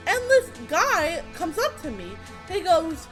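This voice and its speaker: A young adult woman telling a casual storytime, animated, laughing often, swearing freely and acting out the people she quotes. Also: extremely high pitch, takes it slowly, faint music behind.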